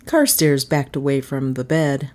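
A woman narrating a novel in an expressive, animated storybook reading. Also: a bass voice, a little slow. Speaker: audiobook narrator.

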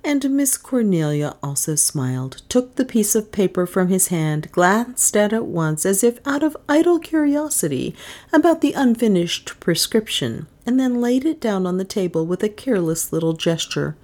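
A woman reading a novel aloud as a narrator, in a measured way, giving the characters modest voices of their own. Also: mid-range voice, big pitch swings, a little mellow. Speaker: audiobook narrator.

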